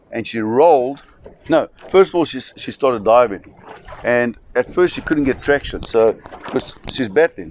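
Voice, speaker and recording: A man's voice: mid-range voice, darkish tone, a little hiss or hum. A man telling a dramatic story vividly, often restarting phrases. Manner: vivid, restarting, acts out voices. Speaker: shark expedition operator.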